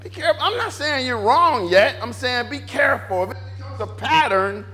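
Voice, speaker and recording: A man preaching in a church with a high, lively voice that swings widely in pitch. He talks in an animated way, stacks repeated phrases and acts out back-and-forth dialogue in character. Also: brisk, soft background music. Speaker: pastor. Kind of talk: sermon.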